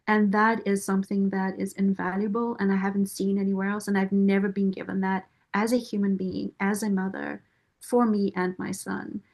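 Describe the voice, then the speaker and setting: A woman's voice: medium pitch, creaky, a little mellow. Earnest woman giving a heartfelt testimonial. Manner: earnest, measured, with deliberate pauses. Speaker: nonprofit board member and parent caregiver.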